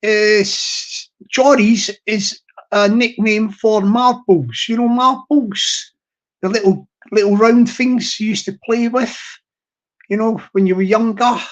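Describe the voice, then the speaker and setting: A man's voice: high voice, slow pace. A man from Glasgow with a Glaswegian accent, chatting casually on a live stream. He rambles, jokes and repeats himself as he goes. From Glasgow, Scotland. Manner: rambling, jokey, repeats himself, laughs often.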